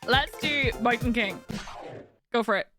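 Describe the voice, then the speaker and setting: Giggly high-voiced woman streamer. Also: unhurried. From United Kingdom. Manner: giggly, breathless laughing fits. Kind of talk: casual gameplay commentary. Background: game music.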